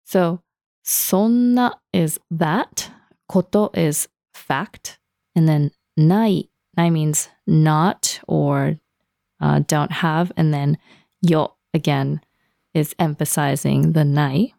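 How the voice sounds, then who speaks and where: Gravelly low-voiced woman, slow patient explaining, lots of little laughs, dry close sound. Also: dark tone, no room sound. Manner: laughs often, explains slowly. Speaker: language teacher. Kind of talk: casual language lesson.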